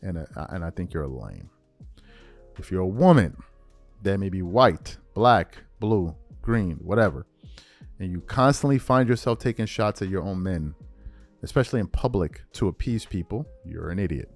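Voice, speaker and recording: A man's voice: low voice, sing-song, moderate pace, faint music behind. A man hosting a sports commentary channel, delivering an emphatic, repetitive opinion rant straight at his viewers.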